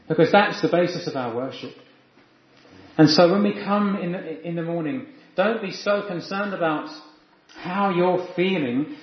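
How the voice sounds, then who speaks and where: A man preaching a sermon in an earnest, reflective teaching manner. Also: sits high. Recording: echoey, dull lo-fi room sound.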